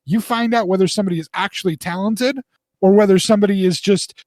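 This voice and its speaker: Man, 40s, podcast co-host; higher-pitched voice, dry and close, chatty storyteller who restarts his sentences. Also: fast, no echo. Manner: rambling, animated storyteller with restarts. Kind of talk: casual storytelling chat.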